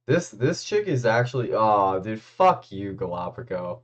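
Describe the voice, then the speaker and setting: Slow, low-voiced male streamer. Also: expressive, lo-fi sound. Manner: laid-back, crude, mumbling asides to chat. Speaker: livestreamer. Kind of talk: casual stream chat.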